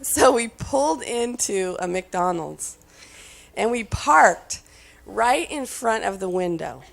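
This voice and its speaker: Gravelly-voiced woman telling family stories. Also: mid-range voice, slow pace. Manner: animated, acts out shouting kids and laughs along. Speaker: speaker sharing family stories. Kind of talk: storytelling talk.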